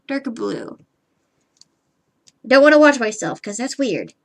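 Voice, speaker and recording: Higher-voiced woman muttering while she draws. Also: lively intonation, unhurried, vocal fry, pauses often. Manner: rambling self-talk, muttering and humming while working; frustrated, swears casually. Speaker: streamer. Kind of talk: live drawing stream chatter.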